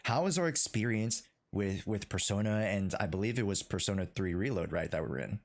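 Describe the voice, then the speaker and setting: A man's voice: on the low side, animated, fairly quick. A man hosting a casual interview, easygoing, with frequent fillers and backchannel replies. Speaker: interview host.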